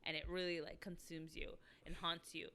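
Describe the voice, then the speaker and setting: A woman's voice: lowish voice, little pitch movement, normal speed, pushed and bright. A woman co-hosting a podcast in casual chat. She backs up her partner with frequent agreement and laughs along. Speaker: podcast co-host.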